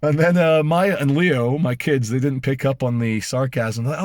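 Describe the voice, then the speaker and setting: A middle-aged British man ranting to camera as he tells a story, animated and sarcastic. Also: medium pitch, normal speed, few pauses. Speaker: vlogger. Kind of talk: casual storytelling rant to camera.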